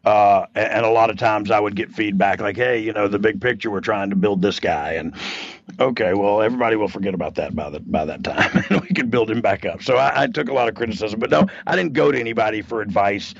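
A man's voice: on the low side, quick pace, gravelly, no echo, highs cut off. A man co-hosting a podcast in casual chat, talking confidently and rambling, with frequent laughs. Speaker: podcast co-host, former wrestler and writer.

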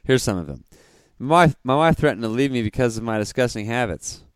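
A man's voice: medium pitch, expressive, brisk, clear, resonant tone, no room sound. A man co-hosting a podcast in casual chat, reading out dad jokes and often breaking into giggles. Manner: giggly, breaks into laughter mid-joke. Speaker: podcast co-host.

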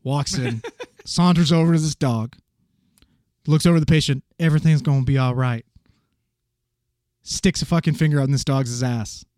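A man casually telling a paramedic story, animated and swearing freely as he acts out the voices of the people in it. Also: fairly high pitch, normal speed, dry recording, clean studio sound.

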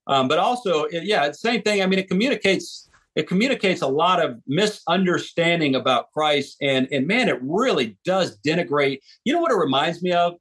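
An American man with a fairly high-pitched voice speaks earnestly as a guest on a podcast, an author and street preacher. He talks with emphatic conviction and often restarts phrases mid-thought. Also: expressive, fairly quick, a bit bright, breathy edge. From United States. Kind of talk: podcast interview conversation.

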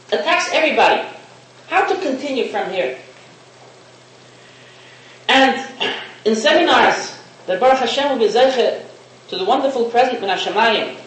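A rabbi with a very high, fairly bright voice gives a sermon, telling a parable in a storytelling manner and mixing in Hebrew and Yiddish terms. It's recorded in an echoey room on a distant mic with faint hiss.

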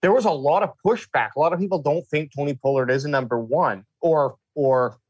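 A man's voice: on the high side, fairly quick, darkish tone, no room sound, highs cut off. A Canadian man co-hosting a podcast in casual chat, hesitant and often restarting. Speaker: podcast co-host.

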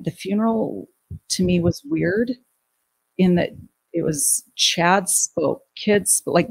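A middle-aged woman telling an emotional personal story in an interview, halting and restarting her sentences. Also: fairly low pitch, gravelly, a little mellow, breathy edge, poor audio. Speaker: guest recounting a family death.

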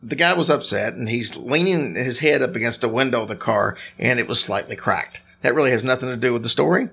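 A man casually telling ghost stories to his co-host on a podcast, animated and teasing. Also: mid-range voice, a little fast, creaky, slightly rough. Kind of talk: casual storytelling chat.

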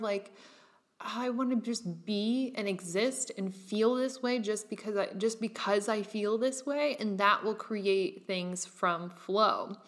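A young woman talks through her solo podcast in a loose, animated way. Her voice sits in an ordinary middle range. She keeps it casual with filler words and the odd laugh. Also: medium pitch. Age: young adult. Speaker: podcast host.

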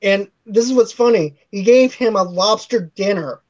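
A man's voice: moderate pace, a little mellow. Laughing man recapping a film, lo-fi sound. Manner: laughs often, acts out quotes in a low mumble. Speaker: podcast co-host. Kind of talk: casual chat recapping a film. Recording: dull lo-fi sound.

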